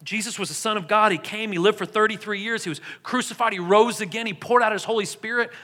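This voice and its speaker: Brief: preacher playing an earnest, persuasive male evangelist in a sermon story, high voice, hall reverb. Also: fast, pushed and bright. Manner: earnest, explaining. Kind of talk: preacher voicing a quoted figure.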